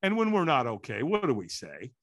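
A man telling a story in an animated way, acting out the quotes and sounds. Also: a little high, fast. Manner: lively, acts out quotes and sounds.

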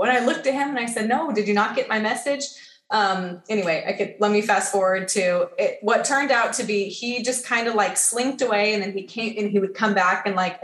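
A woman guest telling a story in a casual chat, at a mid pitch, full of "like" and filler. She acts out both sides of the conversations she retells. The room around her gives a noticeable echo. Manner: animated, filler-heavy, acts out quoted dialogue.

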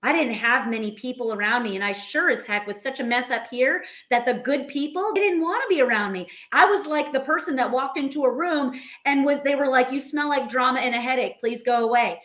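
Animated woman giving a motivational talk. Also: high voice, fairly quick, hardly any pauses, echoey room. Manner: animated, addresses listeners as friends. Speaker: co-host of a live show. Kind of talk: motivational live-stream chat.

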